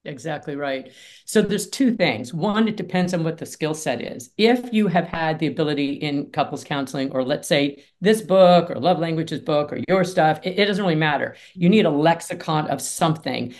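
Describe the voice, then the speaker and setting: A woman's voice: sits low, moderate pace, hardly any pauses, darkish tone. A middle-aged woman mediator talking in an emphatic, punchy way in a conversational interview, acting out quoted speech. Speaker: mediator and author, guest.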